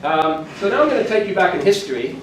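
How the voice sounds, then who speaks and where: A man's voice: high-pitched, very animated, fast, noisy background. Older man lecturing, distant and echoey. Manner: conversational, self-deprecating asides. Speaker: keynote speaker. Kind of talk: conference keynote lecture. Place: conference lecture hall. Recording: echoey hall from far off, faint room ambience.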